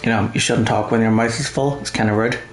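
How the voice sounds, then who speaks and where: A male streamer giving casual gameplay commentary with slow, relaxed, chatty asides. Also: lowish voice. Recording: roomy echo, faint game music. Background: faint game music.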